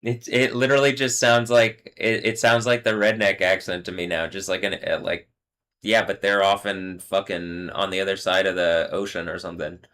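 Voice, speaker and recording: A man's voice: low voice, little pitch movement, moderate pace, a bit bright. Bitter man ranting with profanity. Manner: bitter, profane, trailing off mid-sentence. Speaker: livestream host. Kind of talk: solo livestream rant.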